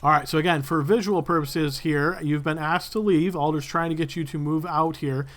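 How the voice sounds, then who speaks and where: A man's voice: a little high, fairly even intonation, moderate pace, a bit bright. A man running a tabletop game as game master, explaining rules and narrating at an easy pace.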